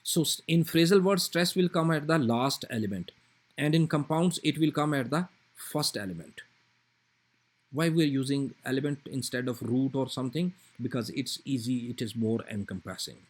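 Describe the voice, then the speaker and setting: Male lecturer, mid-pitched and a little husky, patient recorded-lecture delivery. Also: normal speed. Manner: patient explaining with fillers and repeated examples.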